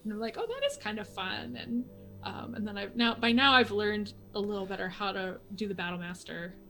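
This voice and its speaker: Bright-voiced laughing woman. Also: medium pitch, fairly quick, vocal fry. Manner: laughs often, animated storytelling. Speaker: guest. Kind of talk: casual chat.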